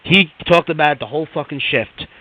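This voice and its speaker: A man's voice: a little high, quick pace, dry recording, poor audio. A man co-hosting a podcast, telling a story in casual chat, swearing often and mimicking the people in it. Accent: New York. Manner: animated, swearing, mimics a coworker. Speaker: podcast co-host.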